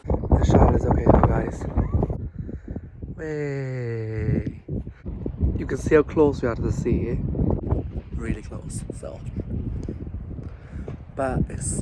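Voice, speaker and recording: A young man vlogging outdoors at a flooded holiday park with a phone camera, talking in an excitable, dramatic way. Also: mid-range voice, slow pace, pauses often. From Wales. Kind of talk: casual vlog. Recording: loud wind noise on phone mic. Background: loud wind and water noise.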